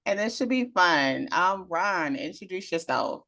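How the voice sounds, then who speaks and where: A woman's voice: lowish voice, lively intonation, measured pace, sharp tone, no room sound. A woman hosting a casual podcast, asking short prompting questions. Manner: brief, prompting questions with laughter. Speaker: podcast host.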